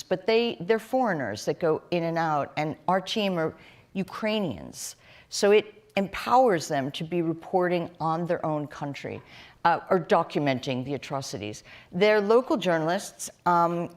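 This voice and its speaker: Low-voiced woman, earnest panel speaker. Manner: earnest, measured, with fillers and restarts. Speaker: panel guest, human rights director. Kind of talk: live panel discussion.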